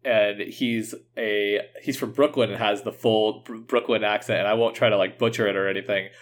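A man's voice: lowish voice, fairly even intonation, moderate pace. A man co-hosting a casual podcast, hedging his words and often joking. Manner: hesitant, hedging, playful. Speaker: podcast co-host.

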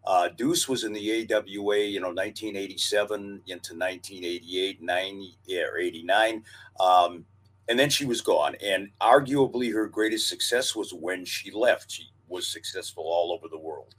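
A man co-hosting a casual podcast chat, recalling old times in a measured, knowledgeable way. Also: low voice, fairly bright tone. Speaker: co-host and former wrestling announcer.

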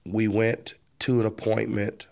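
A man's voice: fairly low pitch, little pitch movement, a little slow, vocal fry, a little mellow. A man, a pastor, earnestly telling his personal testimony in an interview. He often repeats words as he restarts a thought.

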